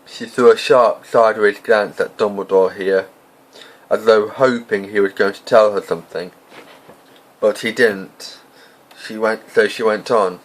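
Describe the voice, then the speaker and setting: Lower-voiced man reading a story aloud. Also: steady tone, measured pace, low-quality recording. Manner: casual, with slips and off-script asides. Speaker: amateur audiobook reader. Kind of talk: casual fan audiobook narration.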